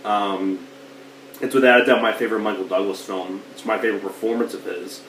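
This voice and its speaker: A man talks through a film review in a loose, rambling way, full of filler words, with the odd cough from allergies. His voice sits on the low side. The mic is set well back in a roomy space, with a faint hiss underneath. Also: fairly even intonation, a little fast, fairly bright tone, recorded from a distance. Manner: rambling, lots of "like" and "you know". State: getting over allergies, coughing. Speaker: movie reviewer.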